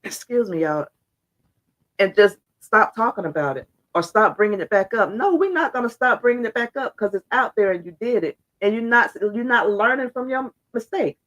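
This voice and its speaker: A woman giving blunt, fired-up opinion commentary straight to her viewers, her voice hoarse and congested. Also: on the high side, expressive, normal speed, fairly bright tone, muffled recording. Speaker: social media commentator.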